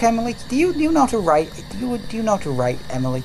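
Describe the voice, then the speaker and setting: A woman's voice: fairly high pitch, sing-song, racing, background noise. A woman with a British accent, bantering and joking in casual talk while streaming a ghost-hunting game. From Britain. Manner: joking, cheeky, mock-pleading.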